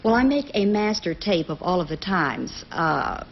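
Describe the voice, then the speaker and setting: A woman's voice: on the low side, animated, moderate pace. A woman with a Southern accent, a game show guest explaining her job in a friendly, folksy way. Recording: lo-fi 1970s TV broadcast with faint hiss.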